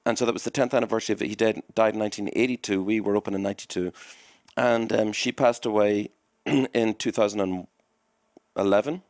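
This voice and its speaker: A man's voice: on the low side, fairly even intonation, brisk, darkish tone, no echo, studio quality. A man who runs a comedy club, a podcast guest telling long, rambling anecdotes and acting out the dialogue in them. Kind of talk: conversational storytelling.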